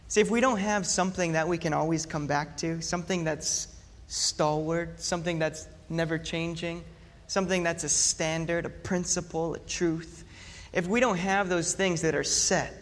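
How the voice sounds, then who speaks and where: A pastor preaching a sermon, telling a story in an animated way and acting out mock panic. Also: male voice, fairly high pitch. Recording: long hall reverb.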